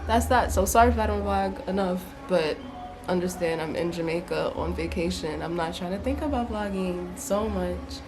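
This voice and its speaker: Speaking over music, this early-twenties woman from Trinidad has a lowish voice at a moderate pace. She's vlogging her holiday at a resort in Jamaica, chatting loosely with plenty of fillers.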